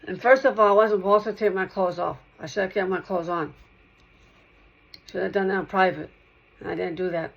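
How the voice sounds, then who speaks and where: A woman's voice: lowish voice, fairly even intonation, normal speed, gravelly, long pauses, highs cut off. A woman talking straight to one listener in a rambling monologue, repeating herself and circling back over the same points.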